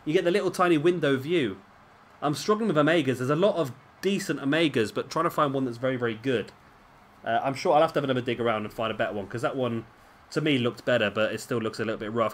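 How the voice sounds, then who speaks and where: A fast-talking man with a medium-pitched voice commentates a game casually, with a little hiss or hum in the audio. Drinking beer at home while he records his let's-play, he rambles and chats, throwing in self-deprecating asides.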